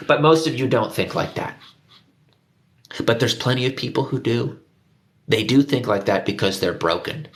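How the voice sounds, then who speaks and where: A man's voice: mid-range voice, moderate pace, long pauses. A man hosting his own video, delivering a heated profane rant straight to his viewers and repeating himself for emphasis. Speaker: conspiracy video host.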